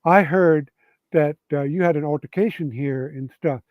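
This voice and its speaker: A petite, soft-spoken young noblewoman giving a mild scolding, as a man acts her out. The voice sits fairly high, and the sound is dry and a bit lo-fi. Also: moderate pace, no echo, close to an everyday voice. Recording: dull lo-fi sound.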